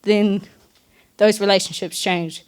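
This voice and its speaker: A woman's voice: mid-range voice, fairly even intonation, slow. A young woman, telling her personal story at a community talk in a candid, earnest, loosely chatty way. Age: young adult.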